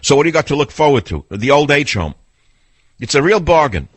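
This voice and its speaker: A man's voice: a little high, sing-song, brisk, slightly rough, dry recording. Blunt, combative older male radio host. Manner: blunt, sarcastic, argumentative, mimics people in voices. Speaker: radio talk show host. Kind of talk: combative call-in radio talk.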